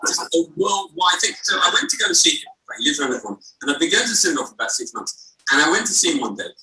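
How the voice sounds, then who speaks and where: A man on stage doing comic back-and-forth with a partner, telling jokes in a deadpan way and mimicking voices in his stories. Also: a little high, very fast, roomy sound, far from the mic, poor audio. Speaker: comedian. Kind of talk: comic double act on stage. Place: live event before a laughing audience.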